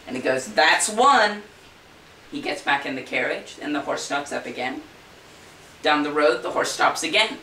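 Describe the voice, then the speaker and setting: A man who makes balloon animals tells his favorite jokes to the camera, folksy and chatty, slipping into funny voices for the characters. His voice is on the high side, bright and pushed, with vocal fry. The audio has a roomy echo and faint hiss, with him far from the mic.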